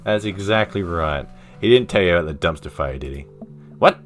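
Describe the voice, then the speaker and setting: A man's voice: sits low, animated, brisk, faint music behind. A man streaming a dating game, reading its dialogue aloud with playful, self-mocking asides. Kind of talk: casual let's-play commentary, reading dialogue aloud.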